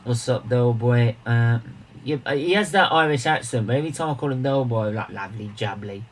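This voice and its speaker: A man hosting a casual charity livestream, rambling and repeating himself, with bursts of excited emphasis. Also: mid-range voice, fairly quick, slight background noise, poor audio.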